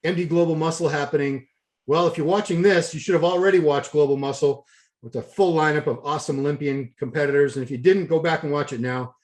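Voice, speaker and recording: A man's voice: on the high side, fast, darkish tone. A man hosting a bodybuilding preview, chatty and jokey as he rambles through a schedule and wraps up the show. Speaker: host. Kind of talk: casual show wrap-up.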